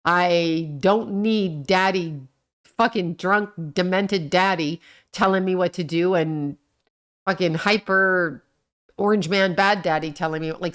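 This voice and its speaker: A woman's voice: fairly low pitch, slow, a bit bright, clear, resonant tone. A middle-aged woman hosting her own livestream, ranting bluntly with profanity, rambling from point to point and laughing often. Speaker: livestream host. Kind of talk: casual livestream rant.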